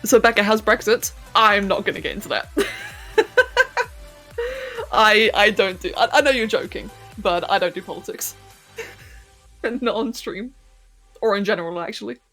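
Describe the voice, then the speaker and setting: A London woman with an English accent chats casually on a live stream while working on a 3D model, laughing a lot and stumbling over her words. Her mid-range voice is fairly bright, moving at a normal speed with frequent pauses, and soft music plays behind her. She's a streamer and 3D artist.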